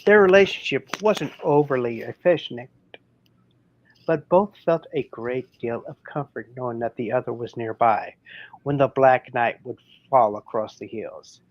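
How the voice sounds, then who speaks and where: A man co-hosting a podcast, reading a story aloud in a halting way with small slips. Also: medium pitch, dry recording. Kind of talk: casual storytelling read-aloud. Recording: dull lo-fi, dry sound.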